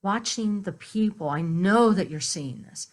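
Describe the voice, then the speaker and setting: Slow-talking lady pastor, 50s, gentle sunday sermon, chatty asides. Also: medium pitch, lively intonation. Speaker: minister.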